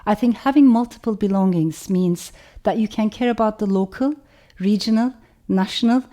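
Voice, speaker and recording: Turkish-accented woman author, mellow voice, measured reflective talk. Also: medium pitch. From Turkey. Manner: thoughtful, measured, often says "you know".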